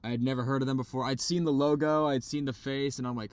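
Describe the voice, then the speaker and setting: Excitable swearing man chatting in a car. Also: mid-range voice, fast, dry recording. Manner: excitable, swears, imitates vocals. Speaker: podcast co-host. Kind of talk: casual chat. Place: parked car.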